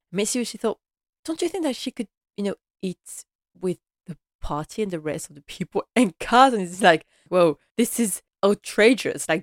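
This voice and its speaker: A woman's voice: medium pitch, no room sound, studio quality. A woman chatting casually through an episode recap, laughing often and acting out the characters' lines. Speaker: series recap vlogger.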